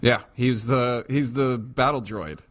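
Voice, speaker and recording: A man's voice: medium pitch, slow, a bit bright. A man chatting casually and enthusiastically with a friend, rambling a little as he talks. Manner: enthusiastic, rambling fan talk. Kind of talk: casual chat.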